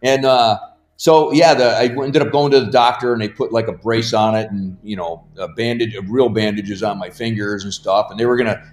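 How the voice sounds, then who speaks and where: A man's voice: lowish voice, fairly even intonation, a little fast. Rambling man telling stories, echoey room. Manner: rambling, laughs through his stories. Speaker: podcast guest. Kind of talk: casual storytelling. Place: home. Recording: roomy echo.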